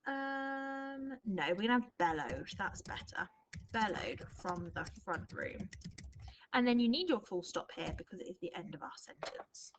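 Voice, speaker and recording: A woman, a primary school teacher recording a writing lesson for her class at home. She thinks aloud as she drafts and reads example sentences slowly and expressively. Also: on the high side, lively intonation, a little hiss or hum, rough recording.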